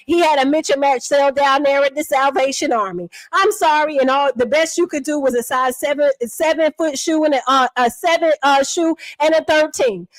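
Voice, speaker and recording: A woman delivering a sassy, mocking roast, taunting with repeated refrains and drawn-out emphasis. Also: sits high, no echo. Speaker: online commentator.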